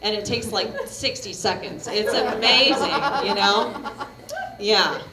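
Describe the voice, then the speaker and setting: In a roomy live recording from a coffee shop comedy venue, a woman delivers a stand-up set while the audience laughs. Her voice sits at a medium pitch and she takes her time. She's brash, profane and chatty, and she cracks herself up.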